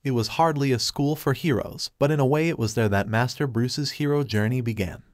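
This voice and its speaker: Brief: formal, polite old butler read by a man, dry sound, middle pitch. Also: a little fast, dry recording, close to an everyday voice. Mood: gentle. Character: loyal, courteous older male butler.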